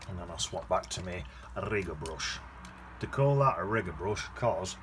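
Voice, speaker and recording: Brief: male painting tutor, deep voice, rambling self-correcting chat, noisy background hiss. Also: animated, normal speed, fairly bright tone. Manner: chatty, thinking aloud while painting, self-correcting. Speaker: watercolour painting teacher. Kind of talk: casual painting demonstration. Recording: noticeable background noise.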